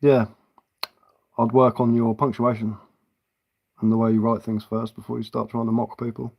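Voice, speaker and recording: A man's voice: mid-range voice, flat delivery, normal speed, gravelly, darkish tone. A man chatting casually on a live stream as a woodcarver, easygoing and answering viewer comments.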